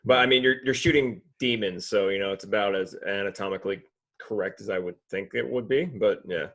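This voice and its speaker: A man's voice: fairly low pitch, brisk, a bit bright. A man in casual chat with friends, laid-back and swearing casually.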